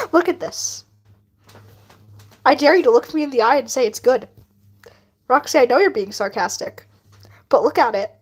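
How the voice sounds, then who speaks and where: High-voiced playful woman streamer. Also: brisk, long pauses, husky. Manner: playful, teasing, laughs often, answers chat. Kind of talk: casual live-stream chat while drawing.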